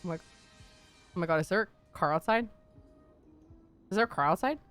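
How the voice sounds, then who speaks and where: A woman's voice: on the low side, expressive, moderate pace, a bit bright, clean tone, soft background music. A woman streaming a roleplay game, talking to her chat in a jittery way, with frequent sighs and rambling self-talk.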